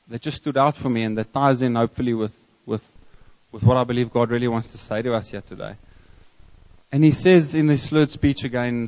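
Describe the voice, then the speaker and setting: Man, South African accent, preacher, storytelling sermon, halting restarts, mid pitch, muffled lo-fi sound. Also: darkish tone. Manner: storytelling, reflective, with many restarts and pauses. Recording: long hall reverb, dull lo-fi sound.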